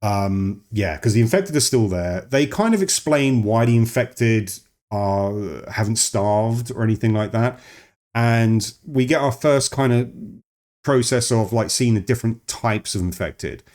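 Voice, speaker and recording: In an unhurried, slightly mellow voice of medium pitch, a man talks casually through a film review. He tends to ramble, stray from the point, and cut his sentences short.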